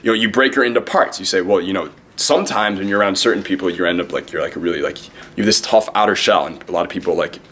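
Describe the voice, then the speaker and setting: A man's voice: deep voice, a bit bright, slight background noise. A young man giving dating advice in a brash, cocky, profane way, speaking straight to the camera. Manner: brash, profane, fast-talking; cocky, self-promoting. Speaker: dating coach. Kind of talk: direct-to-camera advice vlog.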